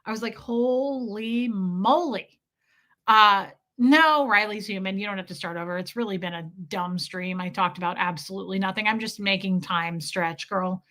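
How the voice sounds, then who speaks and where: A woman's voice: medium pitch, normal speed, hardly any pauses, pushed and bright. A young adult woman hosting a livestream, chatting casually and animatedly with her viewers. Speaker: livestream host.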